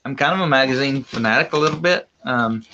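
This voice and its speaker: A man's voice: medium pitch, fast talker, pushed and bright, lo-fi sound, a little hiss or hum. A man co-hosting a homestead livestream in a casual, folksy way, answering viewer questions. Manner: easygoing, folksy, reads viewer comments aloud. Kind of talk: casual live-stream chat.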